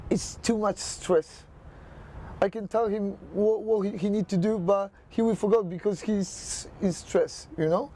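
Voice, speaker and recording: A man's voice: high voice, fairly even intonation, unhurried, mellow, slight background noise. A man, a boxing coach, speaking in non-native English with many filler phrases in a documentary interview.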